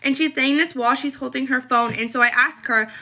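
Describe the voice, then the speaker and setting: Shaken young woman talking fast. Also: high-pitched, bright, forceful tone. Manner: urgent, rapid retelling. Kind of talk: personal warning video. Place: parked car.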